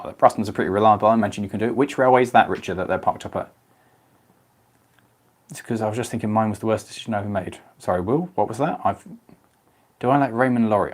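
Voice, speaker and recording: A man's voice: fairly low pitch, husky. A young man, chatting casually on a live stream and answering viewers' comments by name.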